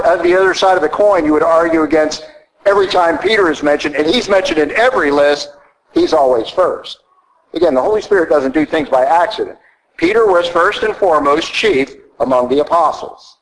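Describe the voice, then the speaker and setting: Emphatic Southern American preacher, fairly high voice. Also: male voice, low-quality recording. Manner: emphatic, repetitive teaching cadence with rhetorical questions. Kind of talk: sermon.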